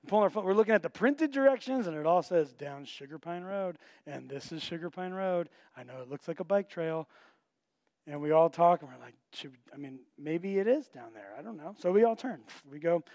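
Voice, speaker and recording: A pastor with a slightly high voice preaches a sermon in a dry recording. He tells a story animatedly, acting out the voices of its characters.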